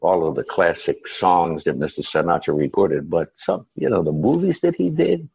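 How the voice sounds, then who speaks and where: A man's voice: sits low, lively intonation, normal speed, vocal fry, a little mellow, husky, dry recording, dull audio. A man, telling rambling stories as an interview guest, full of "you know" and "uh.". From United States. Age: 70s. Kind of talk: casual storytelling interview.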